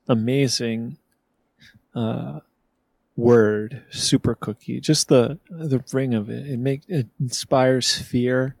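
A man's voice: mid-range voice, darkish tone, dry recording. A man co-hosting a comedic podcast, rambling with frequent stammered restarts. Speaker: podcast co-host.

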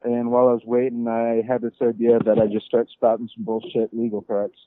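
A man's voice: mid-range voice, completely flat delivery, a little fast, no room sound. A man calling into a radio show, joking and rambling as he gets drunk. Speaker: caller. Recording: tinny phone line.

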